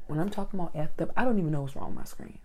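Low, mellow woman ranting to camera. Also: racing. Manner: animated storytelling, acts out other people; frequent asides to viewers. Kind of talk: casual vlog rant. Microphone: handheld mic.

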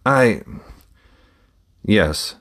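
A middle-aged trader and father, earnest and proud, talks business in a measured, matter-of-fact way, as a man reads him in an audiobook. His voice sits very low and deep. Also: lively intonation, fairly bright tone, heavily acted. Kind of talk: audiobook reading.

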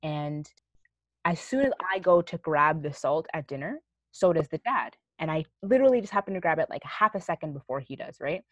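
A young woman telling a story in a casual chat, animated and swearing casually. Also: low voice, a little fast, no room sound. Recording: dull, dry sound.

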